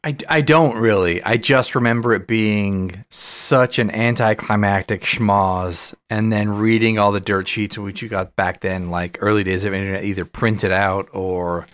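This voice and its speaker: A man's voice: on the low side, steady tone, unhurried, hardly any pauses, fairly bright tone, no echo. A man co-hosting a wrestling podcast who chats in a loose, rambling way. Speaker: podcast co-host. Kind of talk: casual chat.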